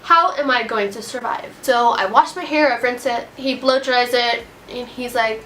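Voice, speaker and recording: A woman's voice: fairly high pitch, normal speed, few pauses, pushed and bright, a little hiss or hum. A teenage girl telling a storytime vlog in a casual, rambling way, upset and full of "like". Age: teens. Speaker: vlogger.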